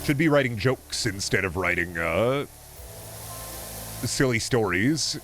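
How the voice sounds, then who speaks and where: A man's voice: lowish voice, expressive, slow, a bit bright, soft background music. A man streaming a game, chatting casually in a rambling, profane, jokey way.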